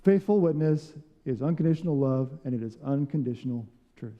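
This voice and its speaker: A man's voice: mid-range voice, brisk, few pauses, long reverb tail, highs cut off. A man preaching a sermon as pastor, telling stories and acting out quotes. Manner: animated storytelling with acted quotes. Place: church sanctuary.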